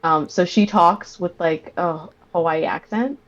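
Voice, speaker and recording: A woman's voice: fairly low pitch, measured pace. Chatty woman guest on muffled lo-fi audio. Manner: chatty and enthusiastic. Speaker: podcast guest. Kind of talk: casual chat.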